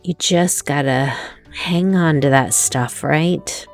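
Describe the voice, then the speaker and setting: A woman vlogger doing a relaxed, chatty voice-over while congested from allergies, easygoing and self-deprecating. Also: sits low, slow, faint music behind. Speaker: craft vlogger. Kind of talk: casual voice-over chat.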